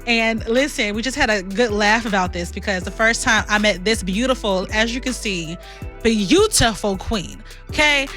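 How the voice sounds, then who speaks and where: A woman hosting a radio show interview, chatting casually, playful and quick to laugh. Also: medium pitch, fairly bright tone, faint music behind. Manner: playful, laughs often, teasing. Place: radio studio.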